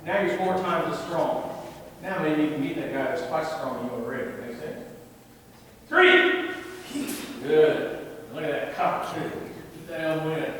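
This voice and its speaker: High-voiced instructor in an echoing hall. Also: male voice, moderate pace, slight background noise. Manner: commanding, coaching, playful asides. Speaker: martial arts instructor. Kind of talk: teaching a class, calling counts. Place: large indoor training hall. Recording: roomy echoing hall, mic far off.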